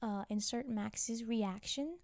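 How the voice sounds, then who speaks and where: Woman vlogger, recap host: higher voice, mellow tone, chatty and wry, dry close sound. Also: takes it slowly, dry recording. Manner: chatty and wry, peppered with "like" and teasing asides. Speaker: TV show recapper. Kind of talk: casual episode recap.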